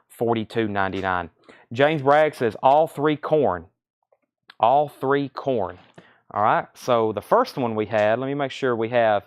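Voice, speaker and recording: A man runs a live record sale, rattling off titles and prices in a brisk, casual patter. His voice is smooth and clear, at a middle pitch for a man. The sound is dry and close, with little room echo. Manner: brisk auctioneer-style listing of titles and prices. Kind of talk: live-stream sales patter. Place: record shop.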